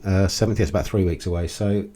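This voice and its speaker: A man's voice: deep voice, steady tone, quick pace, dark tone. A man hosting a casual commentary video, talking in a blunt, exasperated way with frequent ums and restarts. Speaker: crypto video host.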